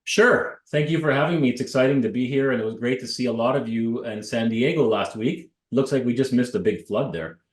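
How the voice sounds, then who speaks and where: A man in his thirties from Canada, a realtor telling stories in an interview, animated and joking. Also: mid-range voice, fairly quick, hardly any pauses, reverberant. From Ottawa, Canada. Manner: animated, joking, swears casually. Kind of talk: casual storytelling in an interview.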